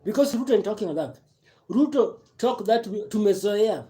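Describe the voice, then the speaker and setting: A man's voice: high-pitched, animated, moderate pace, mellow. A man with a Kenyan accent giving impassioned, repetitive political commentary on a live stream, mixing broken English with Swahili.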